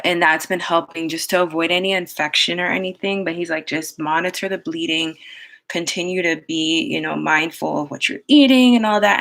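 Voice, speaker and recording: A woman's voice: low-pitched, gravelly, a bit bright, rough recording. A woman beauty vlogger telling a personal story while doing her makeup, chatty and full of fillers, laughing often. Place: home, doing makeup in front of the camera.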